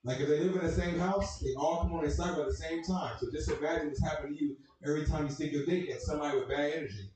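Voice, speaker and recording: A man's voice: a little high, steady tone, very fast, hardly any pauses, darkish tone. Young guy doing stand-up, cussing, riffing with the crowd, far mic, super echoey. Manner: loose, profane, riffing with the crowd. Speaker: stand-up comedian. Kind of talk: stand-up comedy set.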